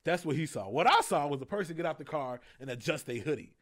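A man's voice: on the high side, fast, no room sound, studio quality. A young man telling a story in casual chat, laughing often and acting out the voices of people in it. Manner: animated, laughing often, acts out voices in quotes. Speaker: comedian guest.

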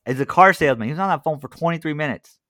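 A male podcast host telling a story in a casual, animated way. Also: fairly high pitch, rapid-fire, dry recording, clean studio sound. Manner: animated, laughing retelling.

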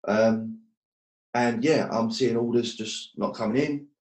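A man's voice: mid-range voice, steady tone, unhurried, a little mellow, echoey room. A man telling his story as a guest, blunt and swearing often, joking about hard times. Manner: blunt, swears a lot, jokes about hardship. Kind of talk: casual storytelling.

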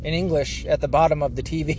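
A man's voice: a little high, fairly quick, background noise. A man from the United States ranting heatedly and sarcastically to the camera, swearing often. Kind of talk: profane political rant.

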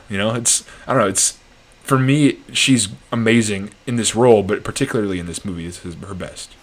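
A man's voice: fairly low pitch, fairly quick. A young man casually reviewing a movie as a podcast host, rambling and restarting his sentences, laughing easily.

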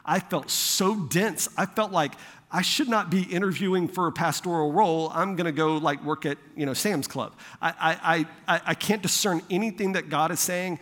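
A fairly high-voiced young man preaches from the pulpit, telling a story about himself in a loose, conversational way. He acts out the people he quotes, and his voice rings with the long reverb of a big hall. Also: normal speed, a bit bright. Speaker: pastor. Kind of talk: sermon with personal story.

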